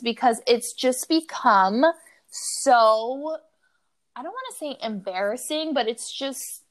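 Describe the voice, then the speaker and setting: A woman's voice: fairly high pitch, measured pace. A woman co-hosting a podcast in casual chat, talking with many "like" fillers and laughing through her stories. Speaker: podcast co-host.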